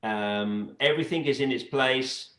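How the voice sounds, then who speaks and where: Man chatting halting in an echoey room. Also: mid-range voice. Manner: relaxed, halting, with restarts. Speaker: guest, dance adjudicator. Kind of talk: casual interview chat.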